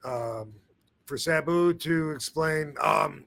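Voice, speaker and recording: A man's voice: a little high, steady tone, normal speed, pushed and bright. A man hosting a podcast in casual chat, rambling with many fillers and restarts. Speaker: podcast host.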